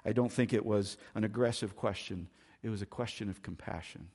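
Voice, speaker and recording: A male pastor delivering a sermon, shifting from loud, emphatic lines to hushed, quiet asides. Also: fairly quick, husky. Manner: dynamic preaching, swinging between loud emphasis and hushed, low asides.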